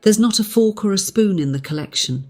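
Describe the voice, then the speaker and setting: A man narrator puts on a blunt middle-aged woman servant for a storybook reading, her voice pitched well up. She snaps out brusque, scolding retorts with no patience for sentiment. Soft music plays behind. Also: expressive, a little fast. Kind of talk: audiobook character voice.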